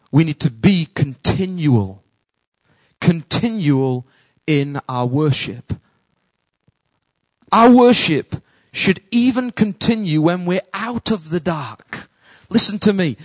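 A man preaches with a high, bright voice. His delivery swings from near-whispered hushes to loud, ringing calls. The sound is close and dry, with no room around it. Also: expressive, slow, pauses often, no echo, poor audio. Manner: preaching with sudden drops to a hush and bursts of loud calls. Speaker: pastor. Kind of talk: sermon.

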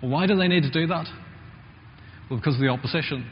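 A man's voice: fairly high pitch, fast talker, slight background noise. A man preaching a sermon in a church, talking in a conversational way and asking the congregation questions. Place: church hall. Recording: muffled church recording with long reverb.

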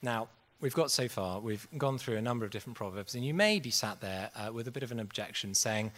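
A man's voice: medium pitch, lively intonation, quick pace, few pauses, fairly bright tone. A man preaching a sermon in an earnest, conversational way. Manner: conversational, earnest, acts out quotes. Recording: long hall reverb.

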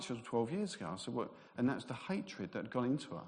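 A man's voice: mid-range voice, big pitch swings, fast talker. A man preaching a sermon, telling personal ministry stories in a conversational way. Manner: conversational storytelling, acts out quoted voices. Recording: long reverb of a large hall.

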